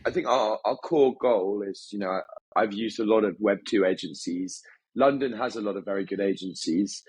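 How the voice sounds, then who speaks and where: A man's voice: lowish voice, husky, no echo, low-quality recording. A man as an interview guest, upbeat and chatty, often restarting his sentences. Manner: upbeat, talks in quick bursts with many restarts. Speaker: guest, agency founder. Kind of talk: casual interview talk.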